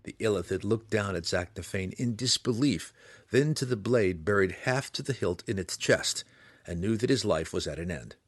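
A man narrating a fantasy audiobook with a dramatic, expressive reading. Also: on the low side, moderate pace, no room sound.

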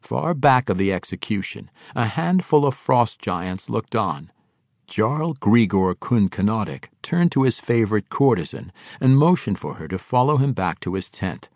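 Low guy narrating a fantasy book, lively up and down, dry close sound. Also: normal speed, no echo. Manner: expressive storytelling. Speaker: audiobook narrator. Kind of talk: scripted narration.

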